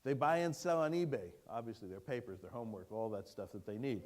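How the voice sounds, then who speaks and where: A man giving a keynote lecture to an audience, lively and engaging, putting questions to the room. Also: medium pitch, quick pace. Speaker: keynote speaker. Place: lecture hall before an audience.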